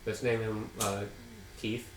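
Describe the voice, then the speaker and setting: A man's voice: lowish voice, little pitch movement, slow pace, far from the mic, noisy background. Young man, casual chat, laid-back, laughs often, roomy echo. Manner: laid-back, dry jokes, laughs a lot.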